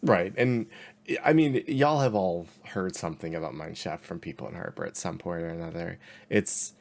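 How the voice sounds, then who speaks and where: A man narrating a tabletop game as game master, halting with fillers and laughing often. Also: sits low, vocal fry, a little mellow.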